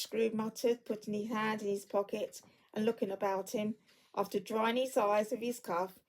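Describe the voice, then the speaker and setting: A woman reading a classic story aloud at an unhurried pace, stumbling now and then and correcting herself. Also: medium pitch, fairly even intonation, low-quality recording.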